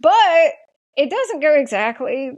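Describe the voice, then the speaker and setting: A woman's voice: high voice, very animated, slow, a little mellow, muffled recording. A woman with a Southern American accent, chatting casually as a podcast co-host and retelling scenes. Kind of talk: casual recap chat.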